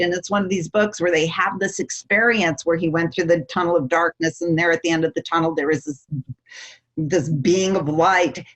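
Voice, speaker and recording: Middle-aged woman guest, husky voice, animated storyteller who laughs a lot and slips into voices for quotes. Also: fairly low pitch. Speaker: guest, success coach.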